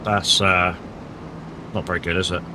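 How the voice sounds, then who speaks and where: A man's voice: low-pitched, flat delivery, normal speed, background noise. A man streaming a farming game live, chatting casually with viewers, laid-back and swearing freely. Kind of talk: casual live gameplay chat.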